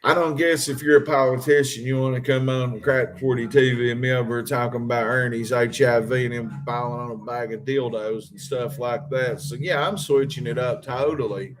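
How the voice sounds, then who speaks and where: A man's voice: mid-range voice, fairly even intonation, normal speed, hardly any pauses. Rambling man talking to his chat. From Harlan County, Kentucky. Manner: rambling, addresses viewers directly, jokey. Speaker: livestream host. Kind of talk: rambling livestream talk to chat.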